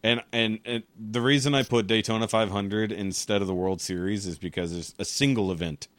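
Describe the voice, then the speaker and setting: A man's voice: fairly low pitch, fairly even intonation, fairly quick, no room sound. A man hosting a casual podcast chat, reading out questions bluntly and swearing freely. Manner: profane, blunt.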